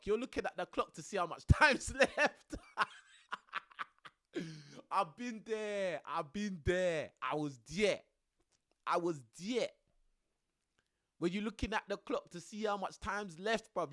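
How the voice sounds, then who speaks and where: Animated young man streaming. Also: high voice. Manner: animated, laughing often, slangy. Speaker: live streamer. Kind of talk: casual live stream chat. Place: home room under a studio light.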